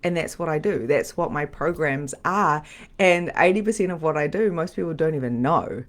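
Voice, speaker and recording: A middle-aged woman, a medium and spiritual coach, teaching on a live stream in a chatty, animated, repetitive way. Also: low voice, moderate pace.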